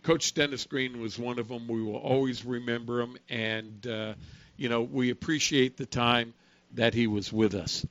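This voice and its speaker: A man's voice: mid-range voice, steady tone, normal speed, fairly bright tone, no echo. A man hosting a talk radio show, chatting in an easygoing conversational way with the odd filler.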